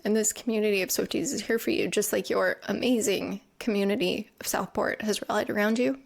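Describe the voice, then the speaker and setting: A woman's voice: mid-range voice, steady tone, brisk, gravelly. A woman hosting a podcast, narrating a scripted recap in an earnest, reflective storytelling manner. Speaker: podcast host. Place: lives in England.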